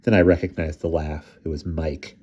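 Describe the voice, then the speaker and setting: Deep mellow guy reading a kids book, dull lo-fi sound. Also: moderate pace, breathy edge. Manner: acts out the boys' dialogue in raised, excited voices. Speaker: audiobook reader. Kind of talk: storybook narration. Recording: dull lo-fi recording.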